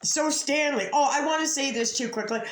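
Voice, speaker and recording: This YouTube commentator talks fairly quickly in a high-pitched voice, cursing freely as she rambles casually and keeps restarting sentences. The room she records in is echoey.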